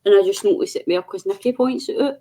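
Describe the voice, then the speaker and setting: Fast and dark-toned, this mid-range female voice belongs to a craft livestream co-host chatting casually over video call. She giggles, chats freely, and does voice impressions.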